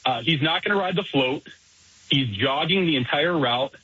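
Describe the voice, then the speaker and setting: A man's voice: on the high side, moderate pace, bright, forceful tone, husky, dry recording. A man phoning in to a sports radio show, joking and playful. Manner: jokey, playful. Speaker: caller. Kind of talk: phoned-in radio chat. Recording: slightly muffled radio line.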